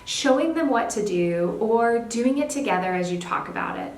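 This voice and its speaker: A young woman, a speech therapist, giving parenting tips in a clear, upbeat teaching manner. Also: fairly high pitch, expressive, normal speed. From California. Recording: echoey room, faint background hiss.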